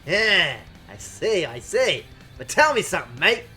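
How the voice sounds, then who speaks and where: A woman's voice: lowish voice, big pitch swings, very slow, pushed and bright, soft background music, exaggerated voice. A woman voicing a brash, swaggering male gambler whose hammy accent drifts between British and Australian. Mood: cocky.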